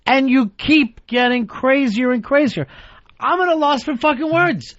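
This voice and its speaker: A man's voice: very high voice, measured pace, fairly bright tone, no echo, lo-fi sound. A man hosting a radio talk show who rants in a profane, mock-exasperated way.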